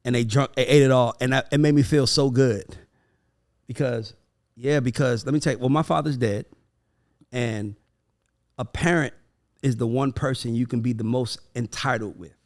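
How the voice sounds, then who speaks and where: A man hosting a casual podcast chat, telling animated, profane stories and acting out his kids' voices. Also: mid-range voice, moderate pace, pauses often. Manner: profane, emphatic. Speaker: podcast host.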